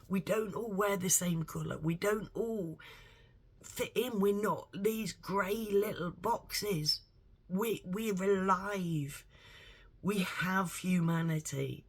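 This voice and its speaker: A woman's voice: fairly low pitch, slightly rough. A woman vlogger giving a blunt, rambling opinion monologue to camera, swearing heavily and speaking emphatically.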